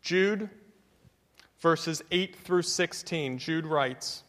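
A man's voice: fairly high pitch, takes it slowly, fairly bright tone, long reverb tail. A man preaching a sermon as pastor, with an emphatic cadence built on repetition.

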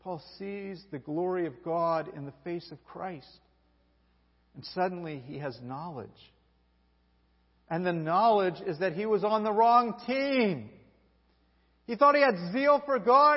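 High-voiced man preaching in an echoing hall. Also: unhurried. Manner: animated storytelling, acts out quoted characters. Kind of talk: sermon. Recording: dull recording with long hall reverb.

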